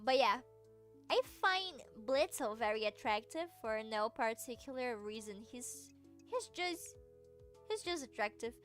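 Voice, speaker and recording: A woman with a high voice chats playfully on a livestream, giggling often and tripping over her own restarts. She talks at an unhurried pace. Soft music plays quietly behind her. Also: expressive. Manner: playful, giggly, answers chat with stammering restarts. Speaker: streamer. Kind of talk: casual livestream chat.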